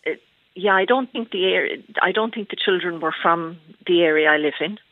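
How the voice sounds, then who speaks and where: Calling in to a radio phone-in, an Irish woman sounds hesitant, starting over frequently and filling gaps with fillers. Her lowish voice moves fairly quickly over a tinny phone line, with no room sound.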